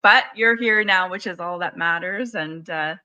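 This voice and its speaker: A woman hosting a relaxed interview, talking with enthusiasm and lots of filler words. Her voice is bright and forward, sitting a little low for a woman. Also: moderate pace, lo-fi sound. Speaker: podcast host. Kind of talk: casual interview chat.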